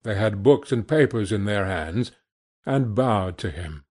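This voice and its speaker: A man reads a classic novel as an audiobook, measured and expressive, in a fairly low, slightly rough voice.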